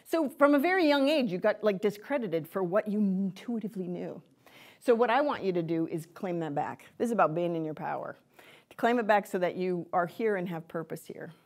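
A woman's voice: mid-range voice, brisk. Chatty woman leading a spiritual workshop. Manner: chatty, rambling, with many fillers and self-interruptions; laughs often, lively when she acts out quotes. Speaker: lecturer on empaths. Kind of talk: informal spiritual workshop talk. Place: room with a live audience.

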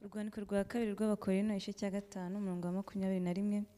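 Woman reading scripture, quick and flat. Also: mid-range voice. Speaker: scripture reader. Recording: echoey church hall.

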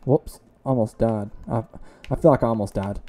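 Casual let's-play host, young man, warm dark tone, self-deprecating banter over soft game music. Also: mid-range voice, moderate pace. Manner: chatty, self-mocking, reacts loudly to close calls. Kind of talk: casual gameplay commentary.

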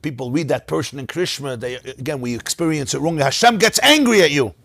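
Passionate gravelly-voiced rabbi teaching a class. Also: male voice, on the high side, a little fast, no echo. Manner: passionate, animated, often laughs mid-sentence. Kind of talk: Torah class lecture. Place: study hall in front of a class.

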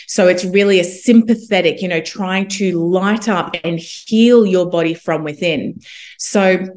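A young woman, a homeopath guest, telling a personal story in a casual, animated way and acting out what others said. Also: lowish voice, a little slow. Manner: animated, quotes others in lively asides.

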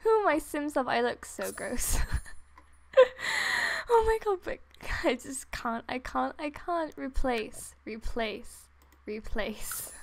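Young woman gamer, high voice, breathless and giddy, keeps breaking off to gasp and giggle, desktop mic at home. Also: sing-song, a little slow, vocal fry, pauses often. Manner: giddy and breathless, laughing, gasping and trailing off. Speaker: gaming YouTuber. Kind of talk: excited gameplay commentary. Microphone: desktop USB microphone.

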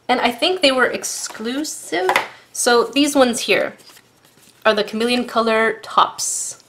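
Bubbly woman vlogger, higher voice, easily thrilled, talks straight to viewers. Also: slow pace, a little hiss or hum. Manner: gushing, excitable, addresses viewers as guys. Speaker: art supplies vlogger. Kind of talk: casual unboxing review.

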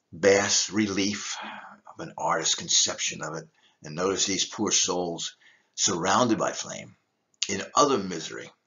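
A man's voice: on the low side, a bit bright, muffled recording. An older man, a deacon, giving an emphatic teaching talk with rhetorical questions. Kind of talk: teaching talk on church history.

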